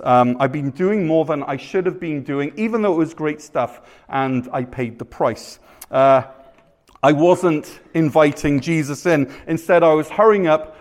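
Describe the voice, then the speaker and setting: A male pastor preaching a sermon at a live church service, conversational and self-deprecating, telling stories with animated asides. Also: fairly high pitch.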